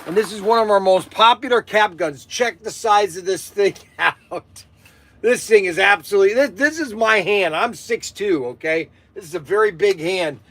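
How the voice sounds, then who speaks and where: A man hosting a live stream and pitching toys as an excitable salesman who hollers and laughs. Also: moderate pace. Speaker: toy shop host.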